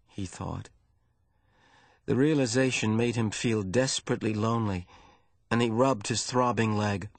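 A man narrating a novel in a measured storytelling manner. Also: fairly even intonation, dry recording. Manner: measured storytelling, rising in pitch during tense passages. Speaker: audiobook narrator. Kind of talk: scripted narration.

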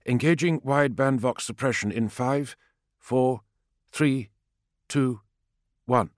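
A man voicing a tense male gunship pilot who speaks softly in quick radio procedure. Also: medium pitch, dry recording, studio quality, voice pushed up, close to an everyday voice. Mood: hushed.

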